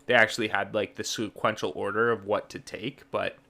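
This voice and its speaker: A man streaming a game, talking casually to his viewers in a relaxed, rambling way with lots of fillers. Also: on the low side, fairly quick, gravelly. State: yawning, sleepy. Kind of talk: casual gaming chat with chat viewers.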